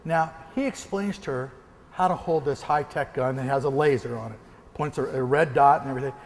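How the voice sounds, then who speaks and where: A motivational speaker from the American Northwest, a man, telling a lively story during a keynote and acting out gunshots. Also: medium pitch, fairly quick, big-room sound, a little hiss or hum. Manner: animated, acts out gunshots and quoted voices. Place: large hall before an audience.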